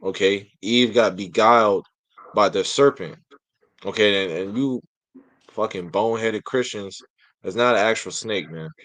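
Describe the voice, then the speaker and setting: A man's voice: fairly low pitch, unhurried, fairly bright tone, dry recording, rough recording. A man in a casual religious discussion, talking bluntly and emphatically with some profanity.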